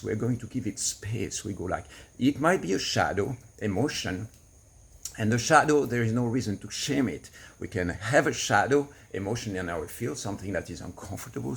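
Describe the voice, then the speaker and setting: Earnest low-voiced male coach. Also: creaky, slightly rough. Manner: earnest, explanatory, with soft laughs. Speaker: relationship coach. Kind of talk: teaching to camera.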